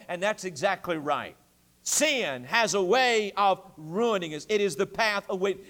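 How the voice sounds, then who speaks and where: A man's voice: high-pitched, a bit bright. A man preaching an evening church sermon, telling a story and then making his point with emphatic repetition.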